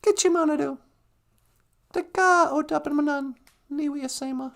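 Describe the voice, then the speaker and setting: A woman hosting a comic live stream, mock-earnest and sarcastic, who slips into solemn-sounding mock prayers. Her voice sits high and has a gravelly, fried edge. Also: a little slow, pauses often, darkish tone. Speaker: host.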